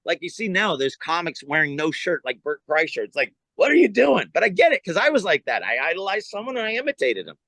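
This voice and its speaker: With a slightly high voice, this male comedian guest talks fast with hardly any pauses, and there's no room sound. He's doing casual storytelling, animated and performing other people's voices as he goes.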